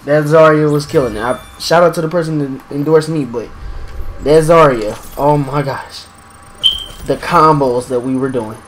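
A young man giving excitable live commentary while playing a game, exclaiming and talking to himself. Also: a little high, normal speed, noisy background. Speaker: gaming streamer.

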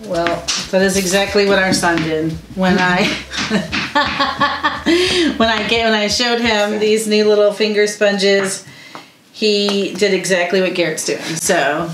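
A woman's voice: mid-range voice, takes it slowly, background noise. A woman co-hosting a crafting video, chatting casually, laughing often and explaining each step. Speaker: co-host of a crafting channel. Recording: echoey room with faint music.

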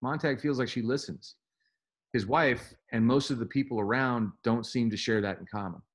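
A man's voice: mid-range voice, normal speed. A male teacher reading a novel aloud to students on a video call and explaining it in an engaged way.

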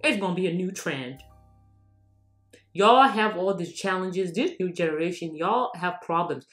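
South african woman vlogging, teasing and laughing a lot, bright voice, echoey room. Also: lowish voice, lively intonation, normal speed, faint music behind. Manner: mocking, laughing often, switching between English and local languages. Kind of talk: casual commentary vlog.

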